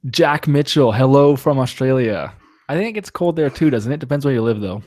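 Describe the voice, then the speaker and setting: A man's voice: mid-range voice, lively intonation, normal speed, darkish tone, a little hiss or hum. Joking man hosting a live chat. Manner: joking, laughs often, reads viewer comments. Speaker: motovlogger host of live chat stream. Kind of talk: casual live-stream chat.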